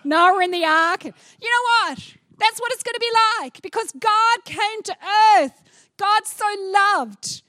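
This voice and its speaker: A middle-aged woman preaching a sermon, animated and playful, acting out little scenes as she goes. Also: extremely high pitch, measured pace, dry recording, studio quality.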